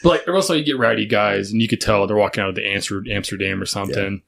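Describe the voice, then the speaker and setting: A man's voice: fairly low pitch, racing, vocal fry, fairly bright tone. A man in casual podcast chat, laid-back and swearing freely.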